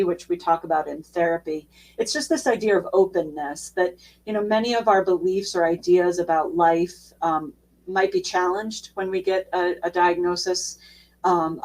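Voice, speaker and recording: A woman social worker giving an educational talk in a relaxed, conversational way with frequent fillers. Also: on the low side, distant mic, low-quality recording.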